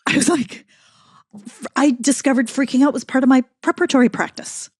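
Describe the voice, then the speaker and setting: A middle-aged woman talking as a podcast guest, telling a story with emphatic, animated energy. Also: sits high, moderate pace, breathy edge, no room sound, studio quality. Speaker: podcast guest, keynote speaker. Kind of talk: casual conversational interview.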